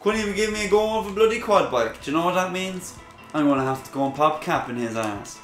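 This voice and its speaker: Excitable Irish man streaming games. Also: high-pitched, fast, echoey room, soft background music. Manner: excitable, bursts into loud shouts and laughs, swears casually. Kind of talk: gaming stream commentary.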